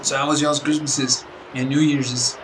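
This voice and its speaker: A man's voice: mid-range voice, little pitch movement, unhurried, distant mic, background noise. A man giving casual let's-play commentary as a gaming YouTuber, rambling, apologetic and tired. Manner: rambling, chatty, apologetic, chuckles to himself. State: tired, yawning. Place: room at home with a window open.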